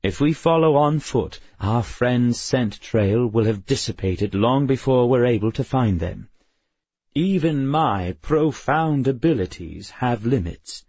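A man's voice: mid-range voice, expressive, unhurried, a little mellow, breathy edge, no echo, dull audio. A man voicing a proud, pompous talking dog with precise, formal speech in an audiobook. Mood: grave.

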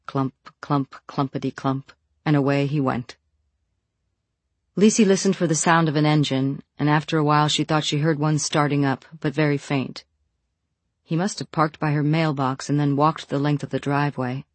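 An audiobook narrator reading a novel in an even, measured voice. The mic is close and the sound is dry, with no room around it. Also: mid-range voice, no echo.

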